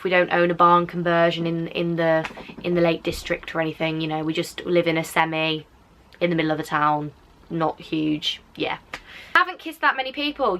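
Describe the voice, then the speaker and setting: Teen female YouTuber, English, softened Black Country accent, casual and filler-heavy, bright tone. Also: fairly low pitch. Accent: softened English, drifting toward Black Country. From Black Country, England. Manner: chatty, rambling, frequent "like" fillers. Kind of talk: casual reaction chat to camera.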